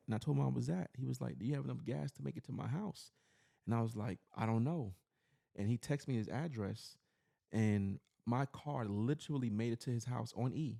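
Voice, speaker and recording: Gravelly man telling a personal story. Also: mid-range voice, fairly quick, warm tone. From New York City. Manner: earnest, rambling, fills with "you know". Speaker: podcast host. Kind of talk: personal storytelling in casual chat.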